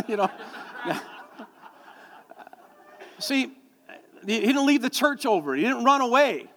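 A man's voice: very high-pitched, a little slow, pauses often. A middle-aged male pastor preaching a sermon, telling stories and joking with the congregation. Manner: storytelling, animated, jokes with the congregation. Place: church sanctuary. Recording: long hall reverb.

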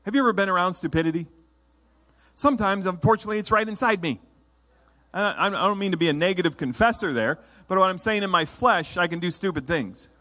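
A man preaching a sermon as pastor, emphatic, sometimes rising to loud exhortation. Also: sits high, in a large hall.

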